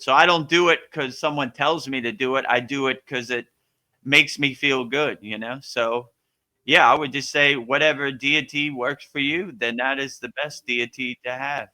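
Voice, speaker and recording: Bright, forceful man giving casual spiritual advice. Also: medium pitch, clean tone. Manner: loose, rambling, full of "you know" and "like"; earnest and emphatic. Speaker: yoga teacher.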